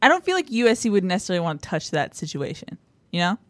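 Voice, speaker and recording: Female co-host, teasing and playful, animated intonation, dry mic. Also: on the low side, very fast, no room sound. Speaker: podcast co-host. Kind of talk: casual sports podcast chat.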